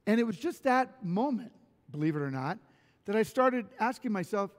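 A man preaching a conversational sermon in a church, telling personal stories with lively restarts. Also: high-pitched, normal speed. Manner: animated personal storytelling with restarts. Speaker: pastor. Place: church sanctuary. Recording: long reverb of a church hall.

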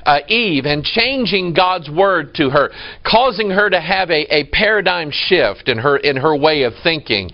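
A man's voice: a little high, lively intonation, unhurried, dull audio. A man preaching a sermon in a church, emphatic and quoting scripture. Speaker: pastor.

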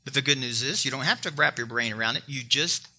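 A man's voice: medium pitch, quick pace, pushed and bright. A male pastor preaching a sermon, emphatic and joking, talking straight to his congregation.

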